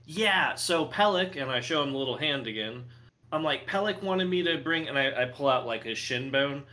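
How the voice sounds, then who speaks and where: A man's voice: mid-range voice, animated, moderate pace, bright, forceful tone. A man playing a tabletop game, speaking brashly and joking in character. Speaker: player. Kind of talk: tabletop role-play.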